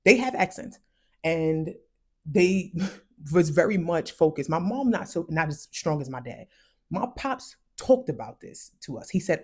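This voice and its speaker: A woman from the United States with West Indian parents, giving casual psychology commentary in a conversational, emphatic way and slowing down to stress key phrases. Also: low-pitched, expressive, darkish tone, husky. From United States, raised by West Indian parents. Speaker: commentary vlogger.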